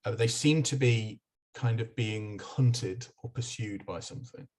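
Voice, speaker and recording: Brief: male game master, husky voice, slow unhurried pace, halting descriptive narration. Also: lowish voice, a little mellow. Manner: halting, with many restarts and fillers while describing.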